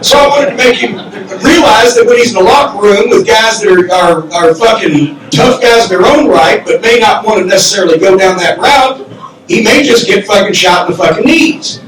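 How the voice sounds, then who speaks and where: An older man telling a profane comedic story on stage at a live podcast, loud and animated, acting out the quotes. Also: sits high, normal speed, recorded from a distance. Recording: roomy echoey club from the mic.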